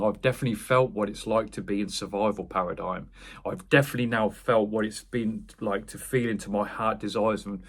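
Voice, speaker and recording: Husky-voiced man giving a spiritual pep talk. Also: lowish voice. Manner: earnest, meandering, self-correcting, laughs at himself. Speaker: wellness coach. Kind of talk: spiritual motivational monologue.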